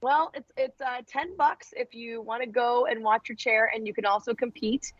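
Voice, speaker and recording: A woman's voice: a little high, fairly even intonation, moderate pace, dry recording. Chatty woman co-host, dull dry sound. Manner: chatty, with fillers and laughs. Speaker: co-host announcing track events. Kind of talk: casual podcast chat.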